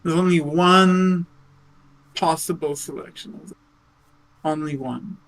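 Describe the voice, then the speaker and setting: A man bantering casually over a text game, halting and repeating himself as he talks. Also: a little high, steady tone, a bit bright, poor audio. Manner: halting, repeats words, laughs easily. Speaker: co-host playing a text game.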